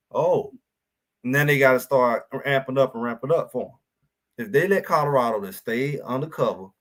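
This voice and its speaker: Casual sports-talk host, animated delivery. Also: male voice, on the high side. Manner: animated, conversational, drops into quoted voices. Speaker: show host.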